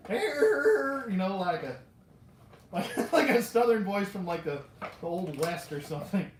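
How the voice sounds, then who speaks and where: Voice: medium pitch, expressive, unhurried, echoey room, noisy background. A toy collector chatting casually through a live unboxing, rambling, joking at their own expense and talking to the figures. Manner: rambling and self-mocking, talks to the toys, laughs often.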